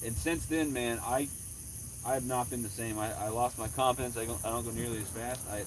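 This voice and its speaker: A man's voice: medium pitch, fairly even intonation, fairly quick, far from the mic. A laid-back man talks easily beside the water at night, heard a little off the mic. Crickets and insects hum faintly behind him. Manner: easygoing, chatty, says man and bro a lot. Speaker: fishing livestream co-host. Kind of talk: casual chat on a fishing livestream.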